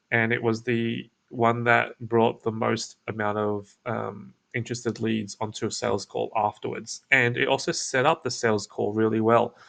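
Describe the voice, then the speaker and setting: Hosting his own show, an SEO business owner walks through a sales script over screen share in a laid-back way, with plenty of fillers and restarts. His medium-pitched voice is creaky and fairly bright.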